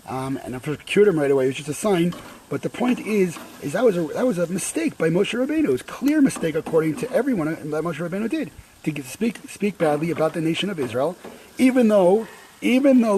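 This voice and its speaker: A man with a high voice gives a relaxed Torah talk while standing outdoors by a grill. He speaks conversationally, often restarting and adding asides, with faint outdoor ambience behind him. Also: slight background noise, rough recording. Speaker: Torah teacher.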